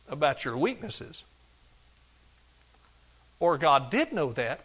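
Guy preaching a sermon, kinda high voice, jokes around, muffled lo-fi audio. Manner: animated, jokey, acts out excuses in a higher voice. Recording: dull lo-fi sound.

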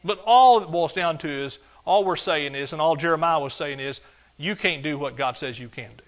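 Animated male preacher, lo-fi sound. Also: normal speed. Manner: animated, jokey, acts out excuses in a higher voice. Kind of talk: sermon. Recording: dull lo-fi sound.

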